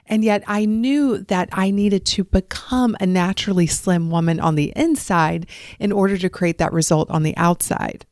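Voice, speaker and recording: A woman's voice: mid-range voice, fairly even intonation, normal speed, darkish tone, dry recording, studio quality. A woman from the southern United States with a faint Southern accent, hosting a podcast as a life coach and talking straight to listeners in an earnest, encouraging way. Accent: faint Southern American. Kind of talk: solo podcast monologue.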